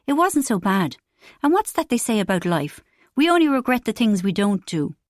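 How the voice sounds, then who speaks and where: A woman reading an audiobook, voicing a warm, effusive middle-aged mother who fusses over her family. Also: medium pitch, big pitch swings, normal speed, no echo, studio quality, natural voice. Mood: doting. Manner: gushing, affectionate.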